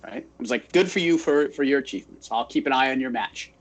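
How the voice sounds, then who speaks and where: A man's voice: medium pitch, fast. A man from Phoenix, Arizona, co-hosting a podcast and telling stories in casual chat, acting out the quotes as he goes. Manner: animated storyteller acting out quotes. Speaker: podcast co-host.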